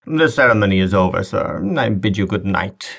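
A man's voice: lowish voice, expressive, moderate pace, vocal fry, fairly bright tone, slightly rough, exaggerated voice. A man voicing a menacing, contemptuous nobleman who mocks and sneers. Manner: mocking, contemptuous. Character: sneering, menacing older male marquess.

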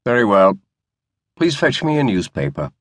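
A man's voice: medium pitch, big pitch swings, moderate pace, dry recording. A man voicing a young naval officer and lord who speaks to his servant sternly but patiently. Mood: dry. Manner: stern, dry.

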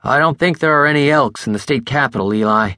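A man's voice: medium pitch, fast talker, pushed and bright, dry recording, clean studio sound, voice pushed up, natural voice. A male narrator playing a tense younger driver who answers in clipped, tight replies.

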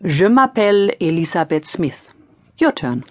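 A woman's voice: on the low side, very animated, a little slow, no room sound, studio quality. A woman teaching in a scripted audiobook lesson, prompting the learner in an encouraging, playful way. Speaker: language teacher.

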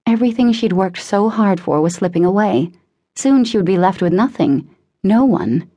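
A woman narrating a teen thriller audiobook in a measured, dramatic reading. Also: mid-range voice, lively intonation, mellow. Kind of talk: scripted narration.

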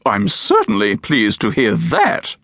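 A man voicing a stern, secretive woman archaeologist who speaks in a formal, curt and hushed way for an audiobook. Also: medium pitch, wildly swooping pitch, slow pace, creaky, dry recording, studio quality, heavily acted. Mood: dry. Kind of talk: audiobook character voice.

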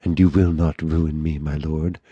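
A frightened middle-aged notary, as a man voices him in a storybook reading, begs and trembles in a gloomy, subdued way. The voice is very low and is recorded dry and close, with no room sound. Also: measured pace, darkish tone, no echo, highs cut off. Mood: pleading. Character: terrified male notary about fifty, humble and pleading.

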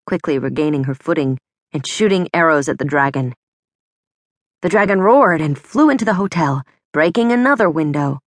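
Woman narrating a story, low and dry. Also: dry recording. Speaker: audiobook narrator. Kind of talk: scripted narration.

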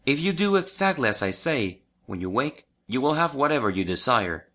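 A man's voice: medium pitch, big pitch swings, normal speed, sharp tone. A man voicing a wise female yak-like animal who tells a boy how to escape, in a children's storybook. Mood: calm instructive.

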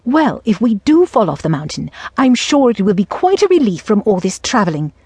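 A woman's voice: medium pitch, sing-song, moderate pace, a little mellow, breathy edge, dry recording, voice pushed up. A woman voicing a wry, defiant young woman with a dry, irreverent delivery.

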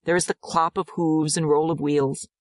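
A woman narrating a dramatized audiobook in a measured, descriptive way. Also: deep voice, flat delivery, no room sound, clean studio sound.

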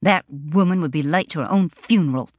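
A woman's voice: fairly low pitch, brisk, darkish tone, no room sound, natural voice. A woman voicing a fussy, superstitious bride who snaps and frets dramatically, in audiobook narration. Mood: snappish. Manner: snappish and dramatic.

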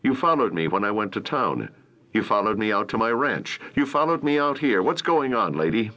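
A man doing a gruff, growling rancher. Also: lowish voice, expressive, moderate pace, bright, forceful tone. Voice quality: rough, growling. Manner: snapping, sarcastic. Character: rough angry male rancher, suspicious.

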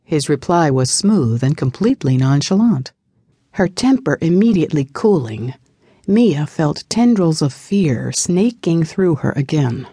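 A woman narrating an audiobook in a steady, even tone. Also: deep voice, unhurried, breathy edge, no room sound, studio quality. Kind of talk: scripted narration.

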